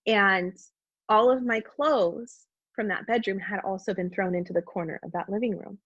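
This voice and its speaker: Woman, earnest storyteller, husky voice, dry close mic. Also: medium pitch, fairly even intonation, normal speed, no room sound. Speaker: podcast guest. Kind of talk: personal testimony in conversation. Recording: dull, dry podcast audio.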